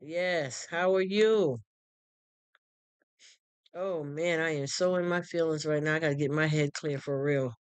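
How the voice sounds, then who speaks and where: Smooth-voiced streamer chatting heartfelt. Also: mid-range voice, a little slow, pauses often, no room sound. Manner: warm, rambling, heartfelt talk with repeated restarts; greets chat viewers by name and thanks them. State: choked up, near tears. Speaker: live streamer. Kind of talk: casual live stream chat.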